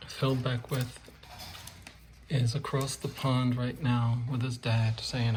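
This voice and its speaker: Taking it slowly in a level, medium-pitched voice, a man explains wallpaper installation as he does it indoors. The tutorial is casual and joking, and he often drops to a murmur mid-task. Background noise is present.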